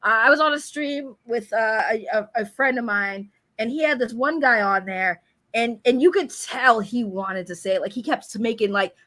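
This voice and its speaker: A woman talking candidly as a panelist on a discussion show, telling stories in an animated way. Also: fairly high pitch, normal speed.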